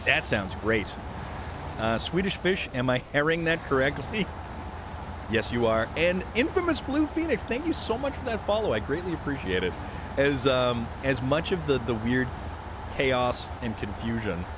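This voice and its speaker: A man with a mid-range, sing-song voice live-streams a game at a normal pace against background noise. He rambles and jokes loosely with viewers, reading the chat aloud.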